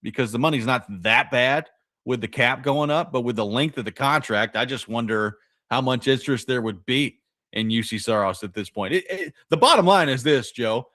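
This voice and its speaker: Clean, dry studio audio captures a sports radio co-host with a mid-range, fairly bright voice speaking at a moderate pace. He argues his points casually, thinking aloud, piling up restarts and dropping plenty of "you know"s.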